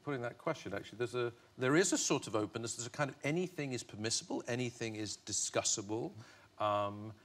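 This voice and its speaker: A man's voice: mid-range voice, expressive, quick pace, fairly bright tone. A middle-aged man from Northern Ireland, a guest on a TV chat show, talking in a reflective way with many restarts and easy laughs. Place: television studio.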